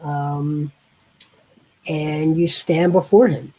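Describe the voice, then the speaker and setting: Female game master, deep husky voice, slow hesitant narration. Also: steady tone, dark tone, poor audio. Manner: unhurried, hesitant with many fillers.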